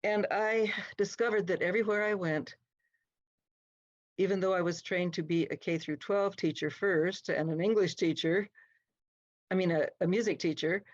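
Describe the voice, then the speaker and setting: A woman's voice: lowish voice, normal speed. An older American woman, an English teacher, answering interview questions in a friendly, explanatory way. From United States. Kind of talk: relaxed conversational answers. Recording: dull, muffled lo-fi audio.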